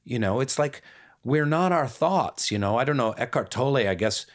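A man speaking as a podcast guest, calm and musing, sometimes trailing off softer. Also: medium pitch, normal speed. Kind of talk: reflective conversational talk.

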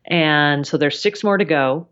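A woman journalist, a guest on a podcast, explaining her work in a friendly, lively way. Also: low voice, measured pace, clean tone, muffled recording. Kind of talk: casual interview chat.

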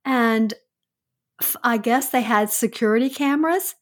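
A woman's voice: a little high, unhurried. A woman in her sixties co-hosting a casual podcast, telling stories and laughing often. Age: 60s. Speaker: podcast co-host. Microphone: remote call-in from another state.

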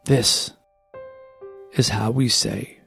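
A man voicing a frail, dying old male coach with a thin, raspy voice, speaking in short breathy bursts. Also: fairly low pitch, steady tone, very slow, a bit bright, soft background music, pitched below the performer's own voice, full character voice.

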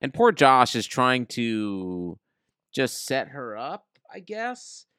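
A man's voice: medium pitch, wildly swooping pitch, slow, fairly bright tone, smooth, no echo, clean studio sound. A man co-hosting a podcast, chatting casually with sarcastic jokes. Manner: sarcastic, joking. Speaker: podcast co-host. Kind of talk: casual chat.

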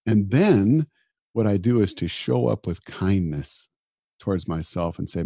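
A man's voice: fairly low pitch, lively intonation, measured pace, creaky, mellow, slightly rough, no echo, studio quality. A middle-aged man, a disaster physician, talking earnestly in an interview and often repeating words as he starts a sentence. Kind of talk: reflective interview talk.

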